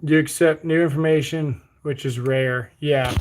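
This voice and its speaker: A relaxed man whose Bermudian accent has a Texas country twang running through it. His voice sits a touch high for a man. He reads viewer comments aloud in easygoing livestream chat and answers them with offhand jokes. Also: a little slow, slight background noise. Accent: Bermudian mixed with Texas country. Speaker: livestream host.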